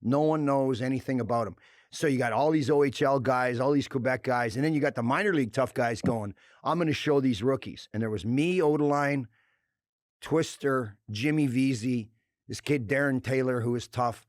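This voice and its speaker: A man's voice: medium pitch, moderate pace, no room sound, studio quality. A middle-aged man, a former hockey enforcer, talking bluntly and with lots of swearing as a podcast guest. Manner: blunt, profane, animated storytelling. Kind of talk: casual chat.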